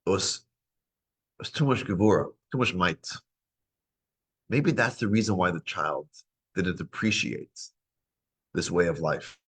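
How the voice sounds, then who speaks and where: A man teaching a weekly Torah class, talking in a lively way, dropping low when musing and rising high and excited when urging. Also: a little slow, long pauses, husky. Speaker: rabbi teaching a parsha class.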